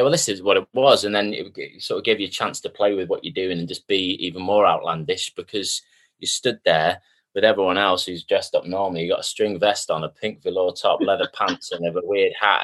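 Male actor guest, low-ish register, easygoing self-deprecating storyteller. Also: fairly quick. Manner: chatty, self-mocking storyteller, lively quoting. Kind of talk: casual interview chat.

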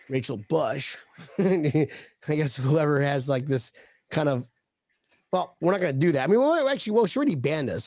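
A man co-hosting a casual sports podcast, excitable and jokey, slipping into mocking impressions. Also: on the high side, dry recording. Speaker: podcast co-host.

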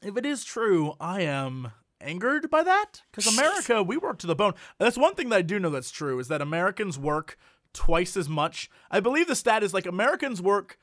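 Podcast host, male, bright high voice, dry close sound, rambling casual comedic banter. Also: moderate pace, no echo. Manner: animated, riffing and rambling.

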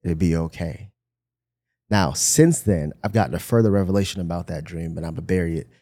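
A man from Michigan, a pastor, telling an animated personal story in a podcast conversation and acting out the voices he quotes. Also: sits low, quick pace.

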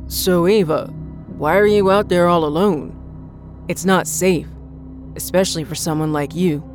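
A woman voicing a gruff, burly, bearded man who lives alone and speaks in a guarded, suspicious way. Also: fairly low pitch, measured pace, soft background music, natural voice. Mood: wary. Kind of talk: audiobook narration.

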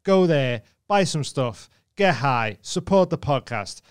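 A man's voice: a little high, lively intonation, slow pace, clear, resonant tone, dry recording. Easygoing British man, dry close voice. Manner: easygoing, short agreeing replies. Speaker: podcast co-host.

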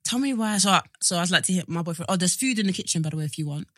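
A woman's voice: on the low side, racing, no room sound, studio quality. A young woman, co-hosting a casual chat podcast and telling stories animatedly, acting out the dialogue. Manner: animated storyteller who acts out quoted dialogue. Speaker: podcast co-host.

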